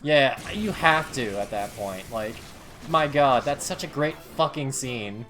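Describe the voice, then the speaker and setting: A young man chatting on a gaming livestream, spinning an animated story with plenty of swearing and filler. His pitch sits in an ordinary middle range. Soft music plays quietly underneath. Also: measured pace. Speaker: livestream co-host. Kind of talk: casual chat on a gaming stream.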